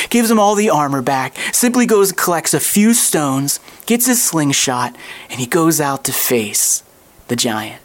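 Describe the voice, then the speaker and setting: A preacher giving a sermon in an animated, conversational storytelling manner. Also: medium pitch, a little slow.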